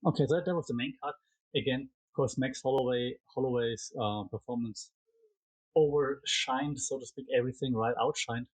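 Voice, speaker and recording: A German-accented man talks through recent fights in a loose, rambling solo chat, stopping and restarting often. His voice is husky and sits at a middle pitch. The sound is dry and close, with no room around it. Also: steady tone, brisk, darkish tone, no echo, poor audio. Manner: chatty, rambling, frequent fillers and restarts. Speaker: MMA commentary podcaster. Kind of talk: casual solo fight recap.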